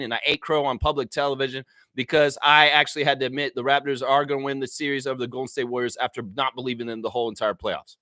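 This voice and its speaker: A man's voice: mid-range voice, bright, forceful tone, dry recording, pitched below the performer's own voice, close to an everyday voice. A man putting on a smug male TV pundit who hates the team, in a mocking, self-pitying confession.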